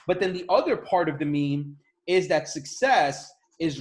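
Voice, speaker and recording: A man with a slightly high voice gives a motivational talk in a loose, conversational way. He leans on repetition and emphasis to drive his points home. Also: expressive, normal speed, few pauses. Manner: casual, emphatic, repeats phrases. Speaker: motivational mentor.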